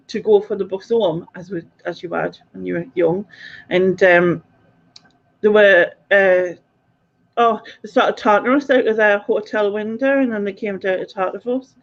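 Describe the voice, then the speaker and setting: A woman hosting a casual chat tells a rambling story at an easy pace, with laughs slipping into her words. Her voice sits in the middle of the range and comes through dull, lo-fi audio. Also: medium pitch. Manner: chatty, rambling, laughs while talking. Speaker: channel host.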